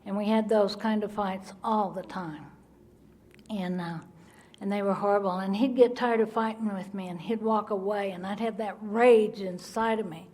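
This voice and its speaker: A woman giving her Al-Anon recovery testimony, telling her story in an animated way and acting out the people in it. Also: mid-range voice, normal speed. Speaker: Al-Anon speaker.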